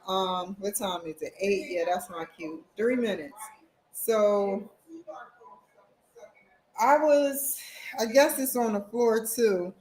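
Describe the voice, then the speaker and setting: A woman's voice: medium pitch, slow, long pauses, a little mellow, echoey room, rough recording. A woman vlogging at home, chatting casually and rambling straight to her viewers. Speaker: vlogger, college student. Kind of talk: casual chat to camera. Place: at home, indoors.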